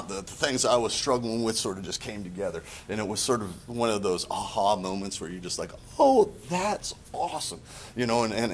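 A man with a lowish voice preaches in an earnest, confessional way, stumbling and restarting as he works through his thoughts. A faint low rumble runs under the recording. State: choked up. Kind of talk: sermon.

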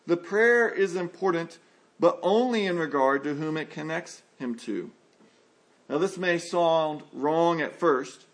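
A middle-aged man, preaching a sermon in an earnest way, slowing down and dropping low to stress key words. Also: fairly bright tone. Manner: earnest preaching, slows and drops low for emphasis. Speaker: pastor.

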